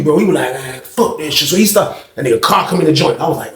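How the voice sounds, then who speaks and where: A man telling a story in a casual, profane, animated way, acting out what others said. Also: on the high side, fast talker, hardly any pauses, roomy sound. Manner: animated, profane, acts out quoted speech.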